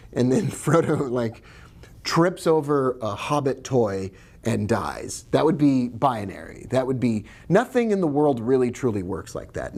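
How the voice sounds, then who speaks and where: A trading educator with a gravelly, darkish mid-range voice gives a casual video lesson on trading. He's chatty and digressive, sprinkling in jokes and asides.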